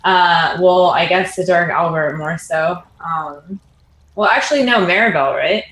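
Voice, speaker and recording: A woman's voice: on the low side, measured pace, fairly bright tone, roomy sound, rough recording. A woman playing a tabletop role-playing game, recapping the story hesitantly and correcting herself. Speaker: player.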